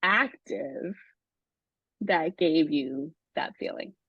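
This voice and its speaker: A woman's voice: deep voice, extremely slow, breathy edge, dry recording. A woman host and coach in a casual interview, asking reflective, supportive questions. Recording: dull lo-fi dry sound.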